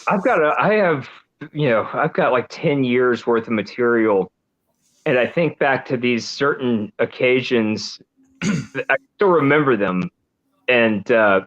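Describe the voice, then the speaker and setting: A man's voice: medium pitch, animated, a little slow, a bit bright, dull audio. A man guesting on a podcast over a video call, easygoing and laughing at himself. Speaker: guest YouTuber. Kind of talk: casual chat.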